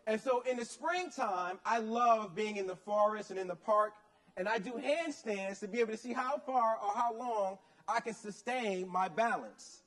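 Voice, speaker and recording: Rousing high-voiced male motivational speaker. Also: normal speed, rough recording. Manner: energetic, rousing, asks audience to repeat. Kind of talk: motivational speech with call-and-response. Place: conference stage.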